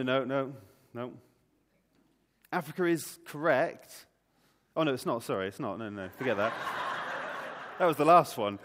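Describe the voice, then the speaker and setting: A man leading an Easter all-age talk in church, playfully quizzing the congregation. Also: medium pitch. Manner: lively and playful, quizzing the audience. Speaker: preacher. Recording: long hall reverb.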